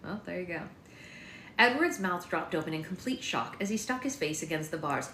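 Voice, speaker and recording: A woman's voice: fairly low pitch, moderate pace, echoey room, a little hiss or hum. A woman, the author, reading her own novel aloud on a live stream and chatting casually at home. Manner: lively, laughs easily.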